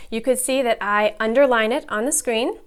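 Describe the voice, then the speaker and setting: A woman's voice: fairly high pitch, moderate pace, smooth. A young adult woman, an online English teacher, demonstrating a mock lesson and explaining her techniques in an upbeat, exaggerated classroom voice.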